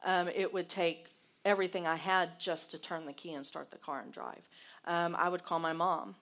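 Woman co-host with a low voice, speaking hesitantly and candidly. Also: fairly even intonation, moderate pace, a bit bright. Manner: hesitant, many ums and restarts. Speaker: co-host, wife sharing her experience. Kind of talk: candid personal talk.

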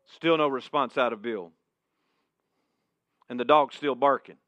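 A male preacher tells a sermon story in the second person and drops to a hush at key points. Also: medium pitch, unhurried, dry recording. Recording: dull, dry sound.

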